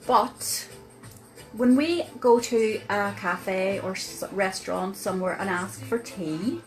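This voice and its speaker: A woman with a Northern Irish accent, telling a chatty personal story to camera as a vlogger, with many pauses and fillers. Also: mid-range voice, soft background music, low-quality recording. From Northern Ireland.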